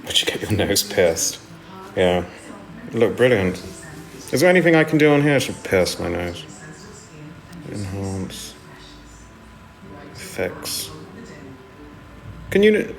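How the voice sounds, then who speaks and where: A man's voice: fairly low pitch, big pitch swings, slow, vocal fry, long pauses, soft background music. A man chatting casually on a live stream from home, rambling and self-deprecating as he answers viewers' comments into his phone. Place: indoors at home.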